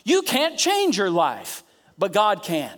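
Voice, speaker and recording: Impassioned high-voiced male preacher. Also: huge pitch swings, slow pace. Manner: passionate, rising to emphatic peaks; repeats phrases for emphasis. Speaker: pastor. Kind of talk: sermon. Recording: preaching over background music. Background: soft instrumental music.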